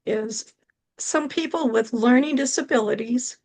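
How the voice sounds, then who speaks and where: A woman's voice: on the high side, a little slow, darkish tone. A woman hosting a live talk show, chatting with her guest and reading out audience questions. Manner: conversational, reads audience questions. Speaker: host.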